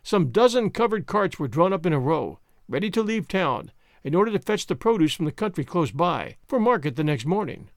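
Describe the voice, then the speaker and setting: A male audiobook narrator reads a classic novel in a fairly high voice with lively, expressive intonation. The sound is dry and close, with no room echo. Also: brisk. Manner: expressive reading.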